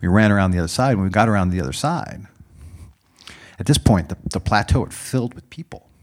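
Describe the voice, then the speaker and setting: A man preaching a sermon as a dramatic story, dropping to hushed whispers and rising to loud exclaims. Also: lowish voice, expressive, fast talker.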